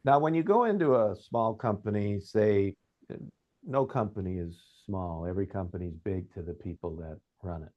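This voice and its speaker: Speaking at a moderate pace in a voice on the low side, a man who is a podcast host and vocal coach runs an interview podcast in an affirming, conversational manner. The audio is dull and slightly muffled.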